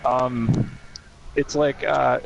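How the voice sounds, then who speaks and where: Gravelly, halting man in gaming chat, with loud car noise behind him. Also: mid-range voice, level tone, muffled recording. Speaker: co-player. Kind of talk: casual chat while playing a racing game.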